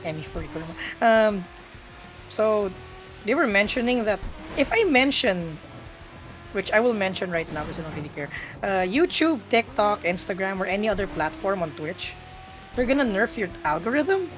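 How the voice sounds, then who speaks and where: A woman's voice: medium pitch, animated, normal speed, music in the background. A young woman, chatting playfully to her live-stream audience while gaming and laughing often.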